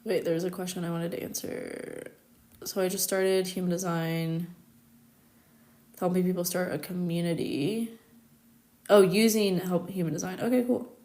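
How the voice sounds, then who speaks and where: A woman's voice: on the low side, fairly even intonation, moderate pace, pauses often, warm tone. A thirty-year-old woman from the United States, chatting casually on a live stream and telling stories, with lots of "like" and frequent laughter. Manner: chatty storytelling, constant "like", laughs often. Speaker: astrologer hosting a live stream. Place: her home in Paris.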